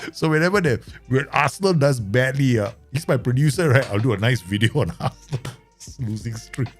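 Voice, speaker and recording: A man's voice: mid-range voice, gravelly, a little mellow. A man giving casual live commentary as he plays a football management game, rambling, swearing and laughing often. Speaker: game streamer.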